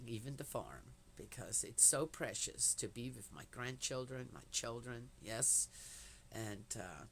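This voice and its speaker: An older woman chatting in a meandering, talkative way, drifting between personal stories and Bible commentary and often dropping in little "yes" asides. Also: rumbling low. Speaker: vlogger. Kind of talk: rambling casual chat and Bible commentary.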